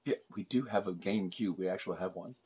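A man with an exceptionally low, deep voice hosts a relaxed toy review chat. He explains details patiently and breaks into easy chuckles as he goes. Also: fast, husky. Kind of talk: casual chat.

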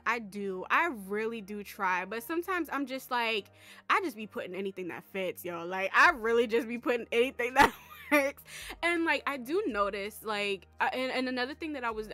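A young woman vlogging casually about a life-simulation game, excitable and rambling, with lots of fillers. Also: fairly high pitch. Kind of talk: casual chat.

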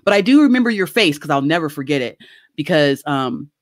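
A middle-aged woman telling a casual story on a video call, animated and laughing often as she acts out quoted voices. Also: low voice, fairly quick, no echo, clean studio sound. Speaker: guest.

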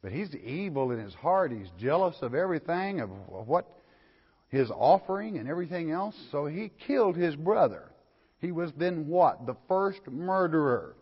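A man's voice: on the high side, very animated, moderate pace, slightly rough. An older man, lecturing on scripture as a pastor, folksy and asking his listeners questions. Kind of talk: verse-by-verse Bible lecture. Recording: lo-fi recording in a hall.

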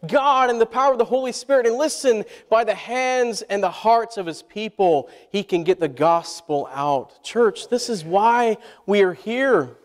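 With a high-pitched, expressive voice, this male pastor moves at a measured pace and hardly pauses at all. He preaches a sermon in a church sanctuary, asking the congregation questions and getting them to answer back, and a long hall reverb fills the recording.

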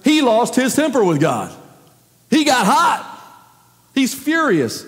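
A man's voice: extremely high pitch, huge pitch swings, slow pace. A man preaching a sermon as the pastor, emphatic and full of rhetorical questions. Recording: long reverb of a large hall.

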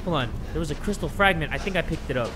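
High, lively young man gaming, music behind. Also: very fast. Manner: excitable, screams and yells at jumpscares; jokey, swears a lot. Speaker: gaming YouTuber. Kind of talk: horror game let's play commentary.

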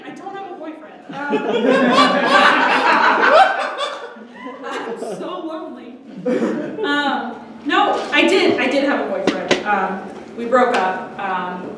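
A young woman doing a stand-up comedy set in a small restaurant, chatty and giggly, swearing freely. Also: high-pitched. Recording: echoey room, mic from far off, crowd noise. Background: audience reacting.

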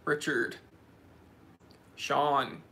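A man's voice: medium pitch, steady tone, very slow, vocal fry, bright, forceful tone. A man hosting a casual live stream from an office, reading out viewer names and comments in a chatty, joking way.

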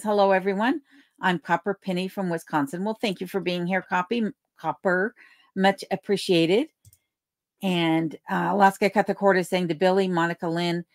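A woman's voice: lowish voice, no room sound, studio quality. A woman hosting a casual livestream from her home in remote Alaska, reading out viewer comments, thanking people by name and laughing easily. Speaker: livestream host. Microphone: desk microphone.

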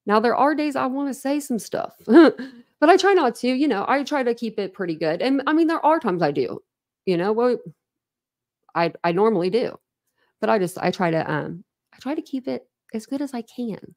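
A woman's voice: on the high side, expressive, normal speed, darkish tone. A woman hosting a casual livestream, rambling candidly to her chat, laughing often and poking fun at herself. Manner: laughs often, self-deprecating. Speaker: livestream host.

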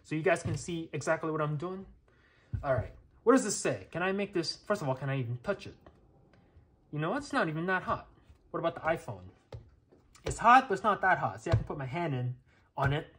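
A tech reviewer with a slightly high, fairly bright voice talks a little fast and animatedly, though with long pauses, during a casual hands-on test on camera. He walks viewers through each step, thinking aloud with plenty of fillers and checks.

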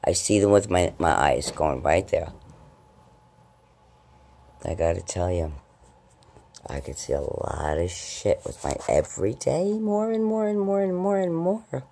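A woman talks into her camera at home in a low, gravelly voice with a dark, mellow tone. Her pitch swings a lot as she rambles loosely from thought to thought. At times she jumps up high into baby talk with her cats. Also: big pitch swings, measured pace, long pauses. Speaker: vlogger. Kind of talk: casual late-night vlog. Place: at home, indoors.

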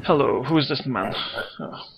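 A man's voice: mid-range voice, animated, normal speed, creaky, muffled recording, noisy background. A man hosting a let's play, chatting casually and jokily while reading game text aloud as he plays. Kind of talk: casual gameplay commentary. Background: game music.

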